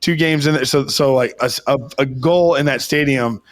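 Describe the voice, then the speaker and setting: A hoarse young man co-hosting a podcast, telling a long excited story in rambling, swear-heavy casual chat. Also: medium pitch, moderate pace. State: hoarse, voice worn from shouting. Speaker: podcast co-host.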